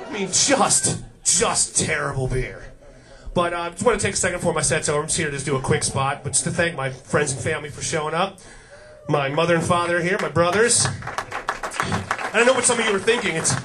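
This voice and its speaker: High-voiced man doing crude stand-up. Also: brisk. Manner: crude, sardonic punchlines with mock voices. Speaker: stand-up comedian. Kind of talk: stand-up comedy set. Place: comedy club stage. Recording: club set with loud crowd laughter. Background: audience laughing.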